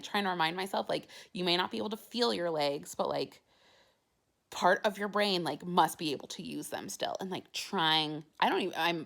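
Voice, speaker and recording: A young woman vlogging about her own experience, chatty and casual, with "like" dropped into nearly every phrase. Her voice sits on the lower side for a woman. It has a steady gravelly fry running through it. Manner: chatty, heavy use of "like" fillers. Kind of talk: casual personal storytelling.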